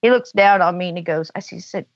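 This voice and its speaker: A woman with a fairly low voice talks at a quick pace as a podcast guest, spinning a long, chatty story peppered with "you know." There's no echo, and the sound is dull, dry and lo-fi.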